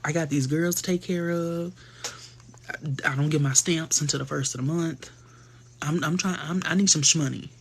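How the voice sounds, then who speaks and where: A man's voice: on the high side, fairly even intonation, moderate pace, vocal fry, slight background noise. A man voicing a sassy older grandmother who is set on getting paid, insistent and matter-of-fact.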